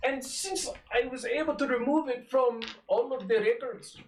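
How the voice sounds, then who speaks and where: A man acting as game master in a tabletop role-play voices a character formally, with lots of stalling fillers. His voice is very high at normal speed, and the rough recording is echoey, far from the mic, with some hiss or hum.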